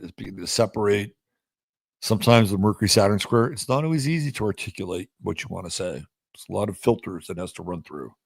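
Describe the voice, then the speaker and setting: A man with a low, gravelly voice talks through a daily astrology forecast. He is blunt and chatty and breaks into quick mock voices with wide leaps in pitch. The sound is dry and close. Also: dry recording. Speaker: astrology show host. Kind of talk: casual astrology forecast monologue.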